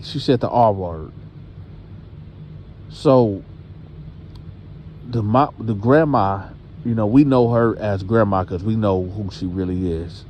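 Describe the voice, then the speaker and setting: A man casually telling a story, animated and conversational, speaking directly to his audience. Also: fairly low pitch, slow, pauses often, slight background noise. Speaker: storyteller host.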